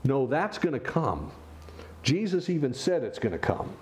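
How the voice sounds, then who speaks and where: A man's voice: medium pitch, very animated, moderate pace, a little mellow, slight background noise. A man preaching a sermon, explaining scripture with rhetorical questions and wry asides. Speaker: pastor.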